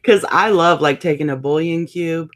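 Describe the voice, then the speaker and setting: Lower-voiced curious woman. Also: moderate pace. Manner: curious, asks odd questions. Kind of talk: casual chat.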